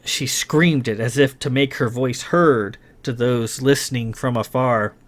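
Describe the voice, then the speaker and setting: A man reading his science fiction novel aloud in a dramatic, expressive narration. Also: mid-range voice, measured pace. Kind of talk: scripted audiobook narration.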